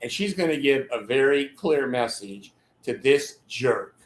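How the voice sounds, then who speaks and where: A man's voice: medium pitch, expressive, measured pace. An older man talking in a rambling monologue, laughing mid-sentence and acting out the voices of people in his stories. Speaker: channel host giving advice. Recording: echoey room.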